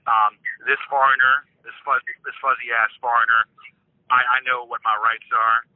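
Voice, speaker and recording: A man's voice: mid-range voice, flat delivery, moderate pace, dry recording. Angry man on a tinny phone line. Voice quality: profane, repetitive, stammering. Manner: suspicious and defiant, rising in anger. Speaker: prank call target.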